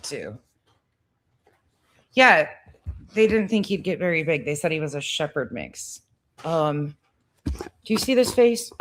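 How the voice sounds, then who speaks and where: Low slow lady gushing over her big dogs at home, kinda sweary, chill vlog vibe. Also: slight background noise. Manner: coos baby talk to her dogs; casual, swears offhandedly. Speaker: vlogger. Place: home living room with dogs.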